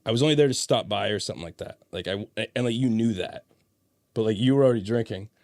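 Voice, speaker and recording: A man's voice: fairly low pitch, fast, darkish tone, dry recording, studio quality. A man hosting a podcast, chatting casually, swearing freely and telling stories with laughter. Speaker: podcast host. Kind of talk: casual chat.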